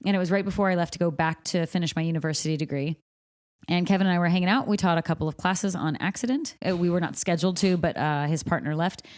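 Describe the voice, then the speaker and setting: A woman in her thirties with a somewhat low voice chats as a podcast guest. She tells her stories with energy and slips into other people's voices whenever she quotes them. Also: quick pace. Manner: animated storyteller, acts out quoted voices. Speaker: podcast guest, professional dancer. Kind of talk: casual storytelling in conversation. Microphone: podcast microphone, also streamed live on video.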